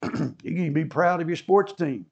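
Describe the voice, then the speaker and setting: Man preaching a sermon, fairly high voice. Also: unhurried, gravelly, darkish tone, highs cut off. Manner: preaching with rising fervor, acting out the quoted speakers. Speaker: pastor.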